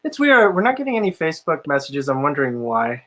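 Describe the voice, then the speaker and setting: A man's voice: a little high, big pitch swings, fast talker, a bit bright, poor audio. A man hosting a casual podcast about casino games, laid-back and laughing often, with lots of filler words. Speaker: podcast host, casino dealer. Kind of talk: casual chat.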